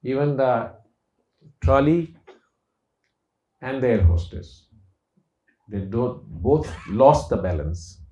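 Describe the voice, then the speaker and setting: A man's voice: medium pitch, expressive, slow, long pauses, mellow. A middle-aged man, a doctor telling a personal story in a lecture with an anecdotal manner. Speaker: doctor and speaker. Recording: echoey, dull lecture sound.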